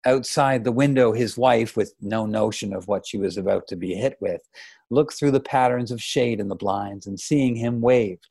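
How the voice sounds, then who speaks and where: Male reader, short story with commentary, slightly husky, mid pitch, dry close sound. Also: normal speed, no echo. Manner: relaxed, conversational asides.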